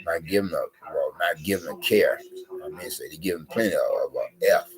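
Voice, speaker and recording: A man's voice: low voice, fairly quick, a crowd in the background, poor audio. A man ranting to camera in a rambling, repetitive way, full of fillers and profanity. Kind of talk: casual rant to camera.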